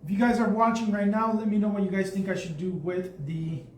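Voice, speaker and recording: A man's voice: sits high, level tone, fairly quick. A man leading a live painting tutorial, chatty and thinking aloud as he paints. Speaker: art instructor. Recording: echoey room, mic at a distance, faint background noise.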